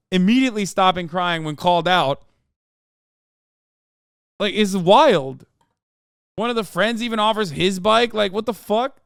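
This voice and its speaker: A man's voice: sits high, unhurried, pauses often, clear, resonant tone, no echo, studio quality. A man streaming live, reacting to a clip in casual, blunt commentary full of swearing and disbelief. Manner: blunt, heavy swearing, incredulous.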